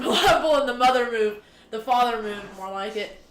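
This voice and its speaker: Female streamer, slightly high pitch; loose, profane, excitable chatter to chat. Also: normal speed. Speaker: livestreamer. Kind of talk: casual livestream chat.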